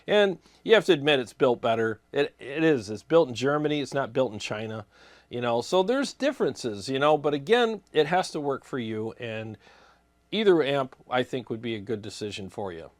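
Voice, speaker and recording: Man host answering comments, loose and rambling, dry close recording, mid pitch. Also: very animated, moderate pace, dry recording. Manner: casual, rambling, with many fillers and restarts. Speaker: guitar gear channel host. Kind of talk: casual chat answering viewer comments.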